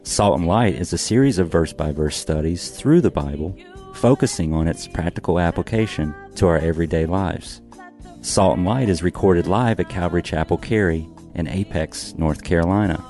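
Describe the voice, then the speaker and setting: A man's voice: low voice, moderate pace. A man reading a scripted radio program introduction as the announcer. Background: soft music.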